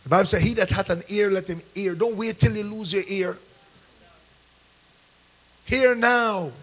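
High bright preacher, husky edge. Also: male voice, steady tone, a little slow, low-quality recording. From Caribbean. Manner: call-and-response preaching, rising to shouts. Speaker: pastor. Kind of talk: sermon.

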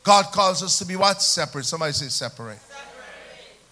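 A man with a Jamaican accent preaching a sermon as pastor, calling for responses from the congregation and swinging between loud emphasis and quiet asides. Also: high voice, expressive, fairly quick. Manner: call-and-response preaching, rising and falling emphasis.

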